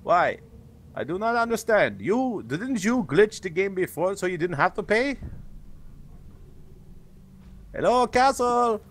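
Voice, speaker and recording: A man playing an ancient vampire count in a game stream voice chat, theatrical and fussy, with a grand put-on foreign accent. He pitches his voice high and swoops it up and down with sweeping exclamations. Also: sing-song, normal speed, fairly bright tone. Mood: cheerful.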